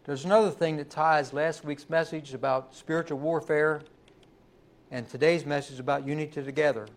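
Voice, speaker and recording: Male pastor, slightly higher voice, emphatic sermon delivery in church. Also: steady tone. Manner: emphatic preaching, rising and slowing on key words.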